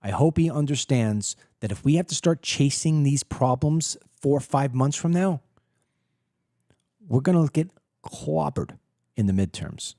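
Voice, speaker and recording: Emphatic middle-aged man, dark dry voice. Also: mid-range voice, expressive, measured pace, creaky, no echo. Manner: emphatic, rhetorical questions, repeats words when building a point. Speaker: political talk show host. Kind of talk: opinionated monologue to camera.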